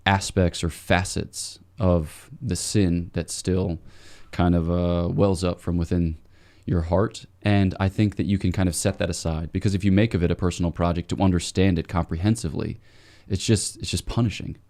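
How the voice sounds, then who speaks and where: A man's voice: low voice, steady tone, moderate pace, few pauses, darkish tone. A man from the eastern United States, a priest, explaining ideas thoughtfully in a casual podcast conversation. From United States, between Washington DC and Boston. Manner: thoughtful, explanatory, many fillers and restarts.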